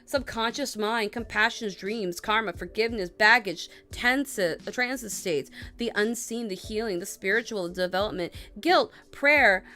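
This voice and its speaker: A woman's voice: mid-range voice, normal speed, hardly any pauses, bright, forceful tone, faint music behind. A young woman hosting a casual tarot and astrology livestream, rambling and chatty with lots of fillers and restarts. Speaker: tarot reader.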